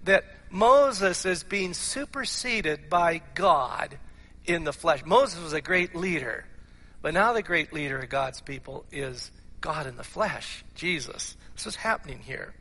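Bright, high-voiced man preaching with hoarseness. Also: unhurried, long reverb tail. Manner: animated, emphatic preaching with repeated restarts. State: slightly hoarse. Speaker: pastor. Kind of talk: sermon. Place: church sanctuary.

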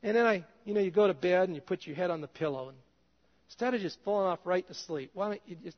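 A male pastor preaching a conversational sermon in a church, his voice dropping soft and low at times. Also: quick pace. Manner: conversational, drops soft and low in quoted prayers. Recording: dull reverberant hall sound.

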